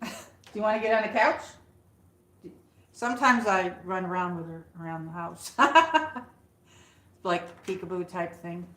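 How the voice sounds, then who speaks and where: A woman hosts a casual livestream from a room at home, chatting with viewers and coaxing her dog. Her voice is on the low side, bright and forceful, with lively intonation and a measured pace broken by frequent pauses. The recording is reverberant and low quality.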